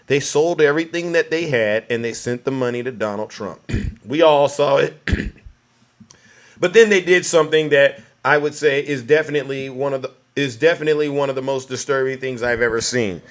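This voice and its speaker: A man's voice: medium pitch, moderate pace. A man giving a mocking, ranting political commentary, often turning to his listeners with a direct address. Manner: mocking, keeps addressing "ladies and gentlemen".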